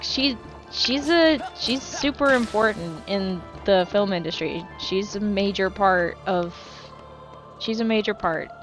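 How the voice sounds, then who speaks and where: Woman streamer with a highish voice, loose, rambly chat full of swearing, faint music under her. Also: fairly bright tone. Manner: rambling, swears freely, self-correcting. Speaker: game streamer. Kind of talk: casual live-stream chat while gaming.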